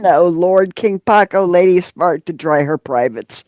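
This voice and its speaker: A woman hosting a casual live stream, reading viewer comments aloud and laughing a lot, with drawn-out exclamations. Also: lowish voice, no echo, lo-fi sound. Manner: giggly, reads chat comments aloud, often laughing; drawls exclamations like "Oh, Lordy". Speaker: livestream host reading chat.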